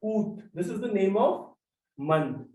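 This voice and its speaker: A language teacher, slowly repeating examples and word pairs in a lesson. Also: medium pitch, lively intonation, dark tone. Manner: slow, repetitive drilling of examples. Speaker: French teacher. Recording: roomy echo, mic far off.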